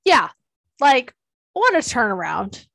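A woman with a slightly high voice co-hosts a casual podcast chat about a TV episode. She chimes in with her own comments and quotes characters' lines back to her co-host. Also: big pitch swings, slow, vocal fry, fairly bright tone.

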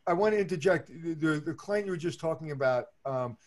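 A man co-hosting a casual chat, excitable and emotional, often stammering and restarting his sentences. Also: fairly high pitch, fairly quick. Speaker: podcast co-host, hotel expert.

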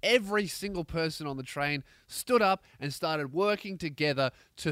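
A man with an Australian accent, a comedian hosting a podcast, telling a profane, rambling story with animated energy. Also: fairly high pitch, moderate pace, few pauses, no echo, studio quality. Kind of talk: comedic rant.

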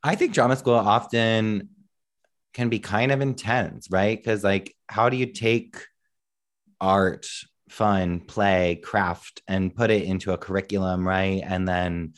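A very low-voiced man talks as a podcast guest. He tells stories against himself in an earnest, easygoing way. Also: steady tone, slow pace. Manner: earnest, self-deprecating storyteller. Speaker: podcast guest, musician and actor. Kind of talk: casual interview chat.

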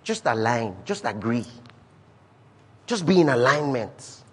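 A man preaching a sermon as pastor, emphatic, with repeated refrains and swings from loud declarations to quiet asides. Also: mid-range voice, sing-song, slow, husky.

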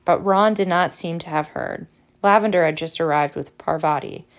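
A woman narrating an audiobook in a measured, expressive way. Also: low voice.

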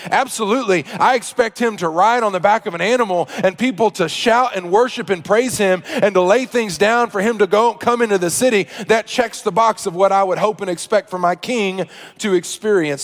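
High-voiced man preaching in a hall. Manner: storytelling, shifting from hushed to loud preaching. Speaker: pastor. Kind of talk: sermon.

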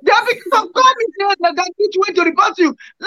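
A man's voice: very high voice, animated, normal speed, pushed and bright, dry recording. Guest musician, male, Nigerian Pidgin accent, rambling storyteller, very dry close sound. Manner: rambling, repeats words while searching. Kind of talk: casual storytelling. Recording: dull lo-fi sound.

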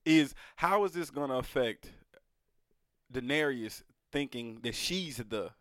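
A man's voice: mid-range voice, expressive, a little slow, fairly bright tone, no room sound, clean studio sound. A man in casual chat who chimes in and finishes the other speaker's sentences.

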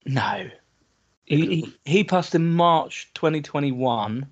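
A man's voice: fairly high pitch, expressive, slow, muffled recording. A man, teasing his co-host and chatting about his young kids on a podcast. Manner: teasing, chatty, recounts kids' sayings. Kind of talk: casual chat.

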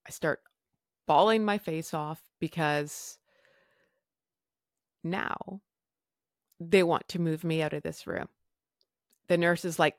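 A woman's voice: on the low side, a little slow, pauses often, no room sound, clean studio sound. A woman host telling a candid personal story in a blunt way, swearing and acting out the people she quotes. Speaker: podcast host.

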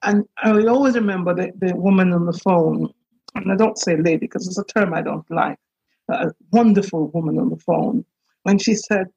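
A woman minister giving an earnest, halting personal account, with many pauses and restarts, on a dull lo-fi recording. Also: fairly low pitch, creaky, dark tone, husky. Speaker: minister and priest. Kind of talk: reflective personal testimony.

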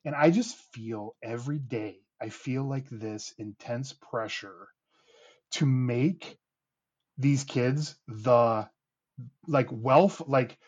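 A man's voice: medium pitch, slow pace, a little mellow, husky, muffled recording. A man in his thirties, a podcast host, chatting casually with lots of fillers and restarts. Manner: rambling, many restarts and fillers. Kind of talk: casual chat.

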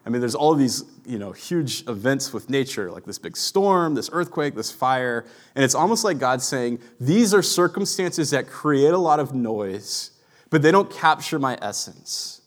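A man in his thirties delivering a sermon in an earnest, reflective way. His pitch sits in an ordinary middle range, and he lets his voice sink to a hush on the quieter thoughts. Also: expressive, a little slow. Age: 30s. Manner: earnest, reflective, drops to a hushed voice for quiet moments. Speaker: pastor.

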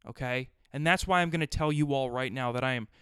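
Male podcast host, smooth clear voice, dry close sound, crude rambling riffs. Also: medium pitch, fast, fairly bright tone, no room sound. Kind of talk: solo podcast rant.

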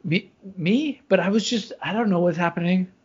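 A man's voice: high-pitched, normal speed, crowd noise. A middle-aged man co-hosting a podcast in casual chat, telling self-deprecating stories about his kids. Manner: joking, self-deprecating storyteller. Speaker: podcast co-host. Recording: dull lo-fi podcast audio.

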